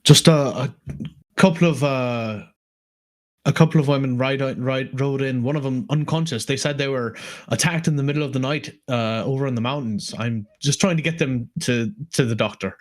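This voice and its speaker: A man's voice: medium pitch, normal speed. A man taking part as a player in a tabletop game, earnest and a little stammering.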